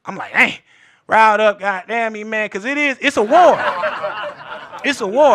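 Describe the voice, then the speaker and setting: High, bright-voiced fervent male commentator. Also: moderate pace, pauses often. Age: 30s. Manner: fervent, preachy, repeats phrases for emphasis. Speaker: political commentator. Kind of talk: heated political commentary.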